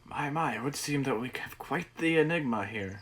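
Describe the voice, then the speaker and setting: Guy doing a calm old man voice w a made-up accent, lowish, reading game lines. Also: a little fast, slight background noise, low-quality recording. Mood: grave, measured. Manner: reading game dialogue aloud in a put-on accent. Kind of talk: reading game text aloud.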